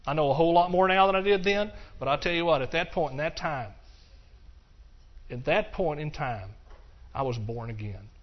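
An older man preaches his own testimony in an earnest, repetitive way. His voice sits a little high, and he moves between hushed, slow stretches and passionate bursts. The recording is dull and lo-fi. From Texas. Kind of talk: testimony sermon.

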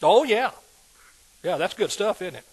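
A man preaching a sermon in a lively call-and-response manner, asking the congregation questions. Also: sits high, a little slow, breathy edge.

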